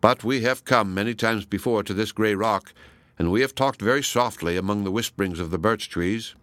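A man reading the part of a proud, passionate woman, measured and ironic. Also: on the low side, fairly bright tone, no echo, close to an everyday voice. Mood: probing. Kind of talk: audiobook reading.

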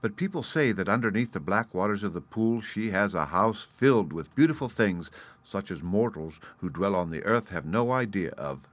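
A man reading a folk tale aloud as an audiobook narrator, in a measured, expressive storytelling manner. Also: lowish voice. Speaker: audiobook reader.

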